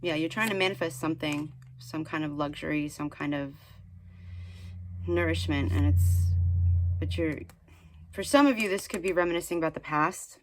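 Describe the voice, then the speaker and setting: Woman, tarot reader, low-pitched, casual, rambling, filler-heavy, gently scolding. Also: normal speed, long pauses, slight background noise. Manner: chatty, rambling, many "like" fillers and restarts; earnest, mildly scolding encouragement. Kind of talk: casual spiritual tarot reading.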